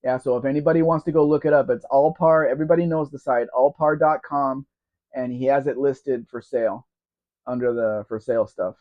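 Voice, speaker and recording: A man's voice: mid-range voice, fairly quick. A man with a sore throat hosts a casual live-stream Q&A, reading viewer comments aloud and calling people by name. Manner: chatty and rambling, addressing viewers by name. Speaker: live Q&A host. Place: at home in a room. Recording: dull lo-fi stream audio.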